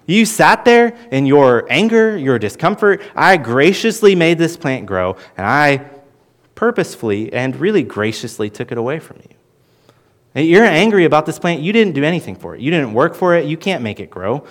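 A man teaching through a Bible passage in an earnest sermon, with lively emphasis and frequent restarts. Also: fairly high pitch, normal speed. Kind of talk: expository sermon.

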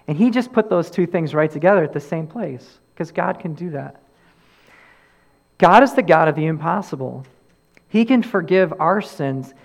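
A man preaching a sermon as pastor, earnest, repeating key phrases and rising and falling for emphasis. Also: a little high.

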